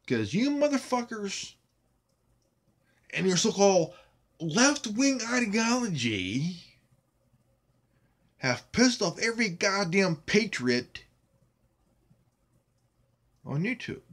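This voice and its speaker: A man's voice: high voice, very animated, slow, pauses often, a bit bright. A man ranting angrily and defiantly at his critics in a vlog monologue, swearing constantly and hammering the same phrases over and over. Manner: profane, defiant, emphatic and repetitive. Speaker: YouTube channel host.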